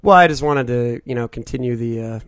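A man co-hosting a comedy podcast, deadpan and mock-serious in his banter. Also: medium pitch, brisk, no room sound, clean studio sound. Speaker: podcast co-host and producer.

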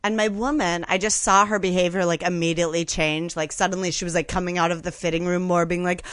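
A woman, a guest comedian, telling a story in a chatty, animated way with lots of fillers. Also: on the low side, quick pace, dry recording. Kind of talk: casual anecdote telling on a podcast.

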